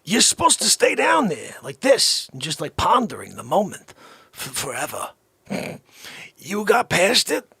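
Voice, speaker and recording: A man hosting a casual livestream, chatting excitably, laughing often and calling out to viewers. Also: high-pitched, a little slow, gravelly, husky, dry recording. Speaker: livestream host. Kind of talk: casual livestream chat with music.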